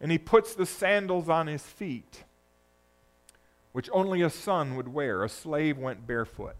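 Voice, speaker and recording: A man preaching a sermon, moving between loud, urgent peaks and hushed, low passages. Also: slow pace, pauses often. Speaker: pastor.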